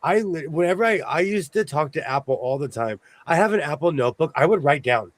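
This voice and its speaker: A man hosting a sewing show, chatting casually with playful, animated storytelling. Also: fairly high pitch, a little fast. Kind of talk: casual livestream chat.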